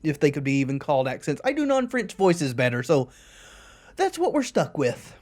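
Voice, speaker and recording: A woman's voice: deep voice, big pitch swings, normal speed, a little mellow. A woman casually commenting as she plays a game, with wry, self-deprecating asides. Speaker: let's play host.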